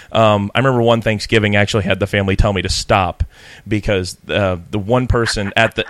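A man's voice: on the low side, fairly bright tone, no echo. A man co-hosting a podcast, rambling with lots of fillers in casual chat. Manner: rambling, filler-heavy, friendly. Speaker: podcast co-host.

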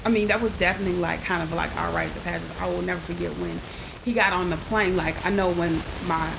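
A woman on a podcast telling a personal story in a casual, animated way, full of fillers, acting out the dialogue she quotes. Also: on the low side, fast, vocal fry, background noise. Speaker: podcast co-host.

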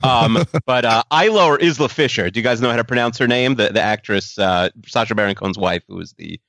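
A man's voice: medium pitch, a little fast, creaky, fairly bright tone, no echo. A man chatting casually on a podcast, opinionated and emphatic. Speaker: podcast co-host. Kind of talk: casual chat.

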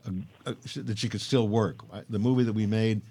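An older man telling stories as a guest, measured and earnest. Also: fairly low pitch, steady tone, dark tone, breathy edge. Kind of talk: reflective storytelling.

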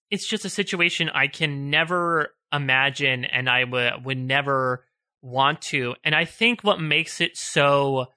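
A man co-hosting a podcast talks through a TV scene while choked up and tearful, his voice a little high, pushed and bright. It's a casual show discussion, and he sounds emotional and searching, restarting phrases as he goes.

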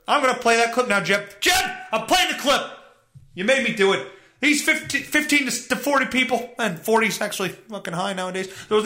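A man's voice: high-pitched, pushed and bright. A man hosting a solo podcast, ranting in a sarcastic, profane way. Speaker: podcast host. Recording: roomy echo.

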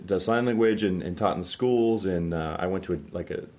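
Low-voiced Ohio man telling stories. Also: fairly quick, darkish tone. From Northeast Ohio. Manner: self-deprecating storyteller, easygoing. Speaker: podcast guest. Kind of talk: casual chat.

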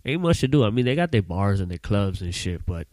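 A man's voice: fairly low pitch, very animated, fairly quick, darkish tone, no echo. A man in his thirties from Trinidad, hosting a podcast and telling profane stories in casual chat, laughing often. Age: 30s. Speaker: podcast host.

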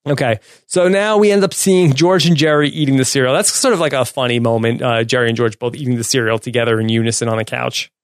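A medium-pitched man co-hosting a podcast talks fast with hardly any pauses, casually recapping an episode's scenes. He's relaxed and chuckles easily along with his co-host, and the clean studio sound has no echo.

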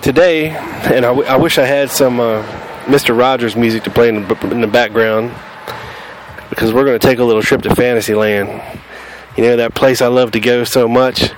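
A man's voice: mid-range voice, steady tone, moderate pace, a little hiss or hum. A man with a Southern US accent hosting a podcast, talking bluntly and combatively and cussing freely. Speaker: podcast host. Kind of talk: casual podcast monologue.

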